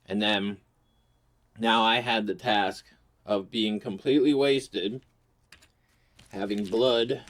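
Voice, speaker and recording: A man with a fairly low voice tells a comic story to camera in a casual, rambling way. He swears freely and keeps the delivery crude and loose. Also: steady tone, takes it slowly, pauses often. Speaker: host.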